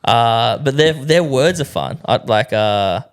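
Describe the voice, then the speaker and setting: A man's voice: medium pitch, lively intonation, slow pace. A young Australian man co-hosting a podcast, telling travel stories in sweary casual chat and acting out what people said. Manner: sweary storytelling, acts out quotes, laughs often. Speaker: podcast co-host.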